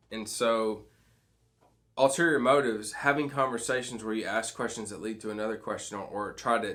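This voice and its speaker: A youth pastor with a fairly low, slightly bright voice leads a midweek devotional for students. He reads scripture and unpacks it conversationally, often checking in with "okay?" and "right?", and his speech is full of restarts and fillers.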